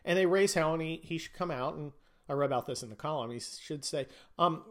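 A man's voice: fairly high pitch, steady tone, a little fast, a bit bright. A man hosting a podcast, ranting about politics in a profane, sneering, mocking way. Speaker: podcast host.

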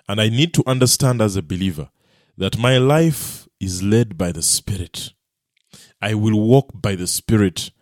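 A man preaching a Bible teaching sermon, emphatic, often dropping low and soft to stress key phrases. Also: a little slow, dry recording, clean studio sound.

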